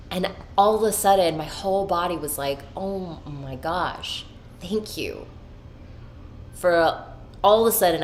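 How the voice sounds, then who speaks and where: A low-pitched woman hosting a podcast delivers a candid personal monologue, with a little hiss or hum in the audio. She gets emotional about her inner life, swears freely, and speaks in spiritual self-help terms.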